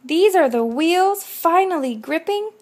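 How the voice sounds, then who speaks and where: A woman volunteer reading a rhyming picture book aloud, slow, rhythmic and expressive. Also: extremely high pitch. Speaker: volunteer reader.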